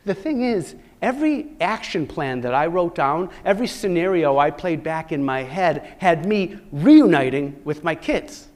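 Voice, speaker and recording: A middle-aged man giving a keynote talk to a live audience, telling a personal story in an animated way, with sudden loud bursts and soft asides. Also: on the high side, a little slow, hardly any pauses. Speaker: keynote speaker.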